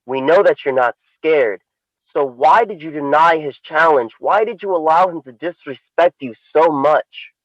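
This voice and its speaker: A man's voice: on the high side, normal speed, dry recording, highs cut off, close to an everyday voice. A man voicing a group of eager young kung fu students who plead and protest in raised voices. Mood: confused.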